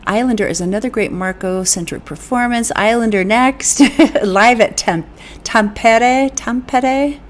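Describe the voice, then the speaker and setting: A woman vocal coach on a live-stream reaction, reading chat comments aloud with enthusiastic, breathy exclamations of awe. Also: medium pitch, moderate pace.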